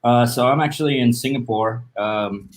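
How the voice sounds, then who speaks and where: An Australian brand ambassador on a video call, relaxed and laid-back. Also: male voice, mid-range voice, normal speed.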